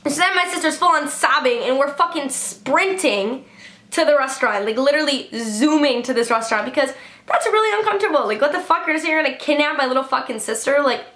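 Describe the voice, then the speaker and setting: Young woman rambling through storytimes, high voice, lots of like, bit of room echo. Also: expressive, a little fast, a bit bright. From Illinois, USA. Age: young adult. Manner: chatty, swears a lot, heavy filler "like". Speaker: vlogger. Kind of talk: casual storytime.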